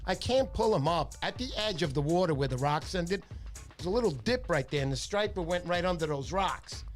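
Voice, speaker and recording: Casting: animated New guy, slightly high voice, stuffy cold, music underneath. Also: a little fast. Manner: chatty storyteller, animated impressions. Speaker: fishing livestream host. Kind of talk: casual livestream chat.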